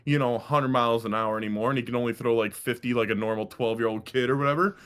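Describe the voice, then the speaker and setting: Man, podcast co-host, casual chat, rambling, profane, animated storytelling, mid pitch. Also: fast, hardly any pauses, clear, resonant tone.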